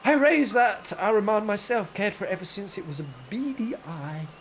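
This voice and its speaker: A man voicing a distraught, fussy noblewoman in a game, in a shrill, theatrical falsetto. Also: animated, moderate pace. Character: distraught fussy noblewoman who lost her pet. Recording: game music behind the voice.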